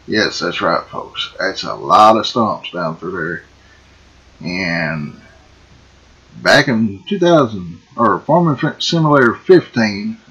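A man giving folksy, excitable gameplay commentary and calling the viewers folks. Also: mid-range voice, muffled recording. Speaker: gaming video host. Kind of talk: casual let's-play commentary.

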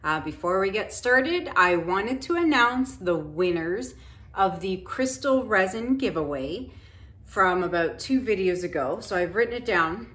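A woman's voice: mid-range voice, expressive, measured pace, fairly bright tone. A middle-aged woman hosting her painting channel, chatting casually and gratefully to viewers with plenty of fillers. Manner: chatty, thankful, loose with fillers. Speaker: acrylic pour painting channel host.

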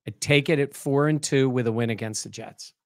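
A man co-hosting a sports talk show, breaking down the game in casual, animated conversation. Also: medium pitch, a little fast, no echo, studio quality.

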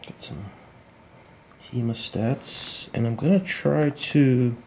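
A man walking through a model glider build at home at night, thinking aloud in a relaxed, self-deprecating way. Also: medium pitch, slow pace, creaky, a little hiss or hum. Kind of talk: hands-on build tutorial.

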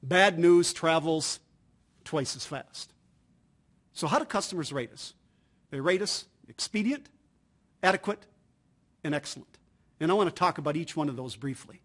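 Emphatic middle-aged male business trainer. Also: on the high side. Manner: anecdotal, emphatic storytelling.

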